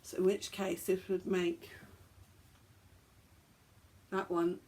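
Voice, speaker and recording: A woman's voice: fairly low pitch, level tone, slow pace, darkish tone, slight background noise. A woman hosting a podcast, chatting casually and joking at her own expense as she stumbles over foreign words. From England. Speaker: podcast host.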